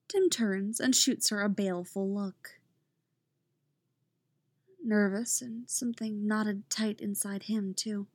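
A woman narrating a story aloud in a calm, even reading voice. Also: medium pitch, slow pace, pauses often, no room sound. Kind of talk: reading fan fiction aloud.

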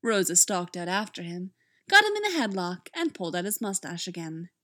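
A woman reading fan fiction aloud with expressive, animated storytelling. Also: lowish voice, brisk. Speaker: reader.

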